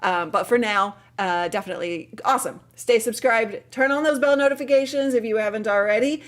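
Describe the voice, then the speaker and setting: A woman with a fairly high voice hosts a casual live Q&A stream. She sounds tired yet stays chatty and upbeat, laughing often and drifting into fillers as she talks. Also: a little fast. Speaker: livestream host.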